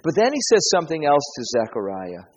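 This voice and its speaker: Husky-voiced male preacher in an echoey hall. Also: a little high, huge pitch swings, fast. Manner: earnest, repeating key phrases and asking rhetorical questions. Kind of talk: sermon. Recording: dull, echoey hall recording.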